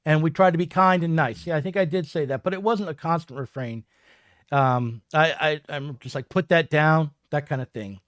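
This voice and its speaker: An older man hosting a casual political chat, speaking in a halting, wry, self-deprecating way with many fillers. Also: fairly high pitch, fairly bright tone, no room sound, clean studio sound. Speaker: host.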